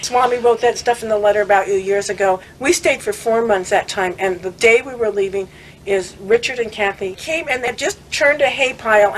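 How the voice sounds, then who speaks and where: Older woman, conversational storytelling, lively, faint background noise. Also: mid-range voice, poor audio. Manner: lively, laughs often, quotes others in animated voices. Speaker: devotee recounting memories.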